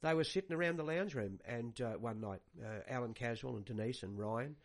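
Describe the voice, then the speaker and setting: An actor playing a rambling older radio host who repeats words and stalls on fillers. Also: male voice, mid-range voice, fairly quick, natural voice. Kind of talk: comic radio banter.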